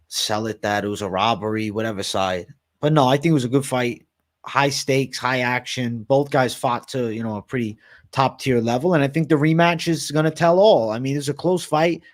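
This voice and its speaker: Laid-back man hyping a livestream. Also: medium pitch. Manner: laid-back, slangy, hypes up others. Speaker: podcast co-host reading donations. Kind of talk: casual livestream chat.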